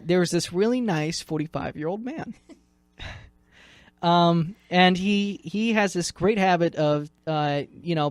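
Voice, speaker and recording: A man's voice: high-pitched, no room sound. A man co-hosting a radio podcast, joking and teasing his co-host in casual chat, full of restarts and "like".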